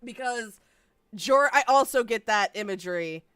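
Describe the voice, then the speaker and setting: A woman casually chatting on a livestream, blunt and excitable, swearing freely. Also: on the high side, moderate pace, crowd noise. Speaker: livestream host.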